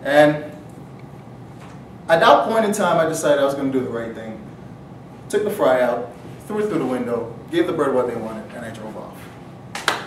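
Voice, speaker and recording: A man's voice: medium pitch, lively intonation, moderate pace, background noise. A man telling a comic story to an audience in a mock-outraged, earnest manner. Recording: roomy, distant mic, faint ambience.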